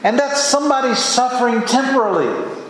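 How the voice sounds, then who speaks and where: Earnest pastor preaching in an echoing hall. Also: male voice, extremely high pitch, lively intonation, fairly quick, a bit bright. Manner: earnest, emphatic preaching with rising exclamations. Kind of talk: sermon. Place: church sanctuary. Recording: echoey hall from far off.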